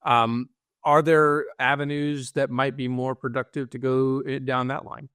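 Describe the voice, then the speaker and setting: A man's voice: medium pitch, flat delivery, unhurried, fairly bright tone, smooth, dry recording, clean studio sound. A man co-hosting a podcast, asking follow-up questions conversationally with some hesitant fillers. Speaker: podcast co-host.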